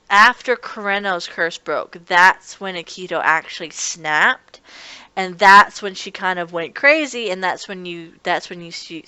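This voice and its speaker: A woman giving a casual spoken review of an anime episode, talking quickly and excitedly with many restarts. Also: medium pitch, clean tone, dry recording. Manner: rapid, excitable talk with many restarts and laughs.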